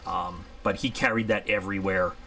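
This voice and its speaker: A man's voice: sits low, steady tone, normal speed, pushed and bright. A man giving a casual, rambling unboxing review, chatty and candid. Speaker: product reviewer.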